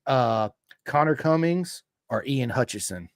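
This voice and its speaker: An American man hosts a relaxed motorsport podcast at an everyday, mid-range pitch. He talks loosely and tells stories with animated back-and-forth quotes. The close mic sounds dry, with no room around it. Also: a little slow, no echo. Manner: animated storyteller who acts out quoted exchanges. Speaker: podcast host. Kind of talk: casual interview chat.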